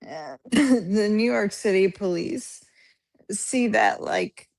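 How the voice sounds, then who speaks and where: A woman's voice: mid-range voice, slow pace, gravelly, a little mellow. A woman guest in a casual chat, teasing the host and laughing.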